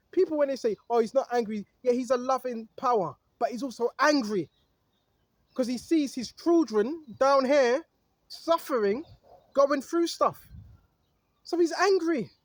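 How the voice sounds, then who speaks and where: A man's voice: very high-pitched, dry recording. A man preaching outdoors, reading scripture aloud and then riffing on it, calling out to listeners and chuckling often. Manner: exhorting, reads scripture aloud then riffs on it. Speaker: street preacher.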